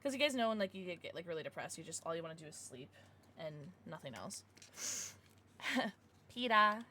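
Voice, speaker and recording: A woman's voice: lowish voice, very animated, moderate pace, sharp tone, a little hiss or hum. A young woman streaming casually from home, gushing over gifts and baby-talking to her dogs between chats with viewers. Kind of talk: casual livestream chat.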